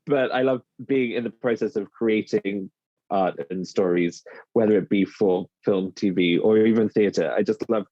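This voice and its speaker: A man from the UK, a dialect coach, explaining his work in a relaxed, thoughtful podcast interview. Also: fairly low pitch, moderate pace, dry recording, highs cut off.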